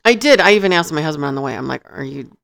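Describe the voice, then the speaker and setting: A woman's voice: low-pitched, lively intonation, rapid-fire, vocal fry, a bit bright. A woman on a podcast telling a funny story in casual chat, acting out quotes, laughing often and swearing. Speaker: podcast co-host.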